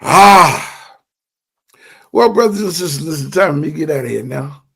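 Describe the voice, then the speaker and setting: A man's voice: on the high side, animated, fast talker, creaky, a little mellow, breathy edge. An older man giving an impassioned livestream teaching in a fervent, preachy way, often stammering and repeating words.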